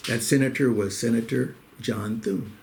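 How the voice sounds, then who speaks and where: A man's voice: medium pitch, fairly even intonation, normal speed, gravelly, a little mellow, slight background noise. A middle-aged man hosting a weekly show, telling jokes in a folksy, casual monologue and calling his listeners "folks.". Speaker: host.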